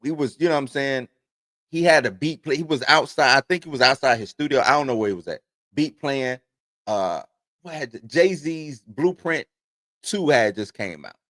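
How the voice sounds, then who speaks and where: A man's voice: medium pitch, animated, moderate pace, fairly bright tone, dry recording. Rambling male livestream host, dry sound. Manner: rambling, conversational, reads news aloud then riffs. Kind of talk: casual commentary livestream.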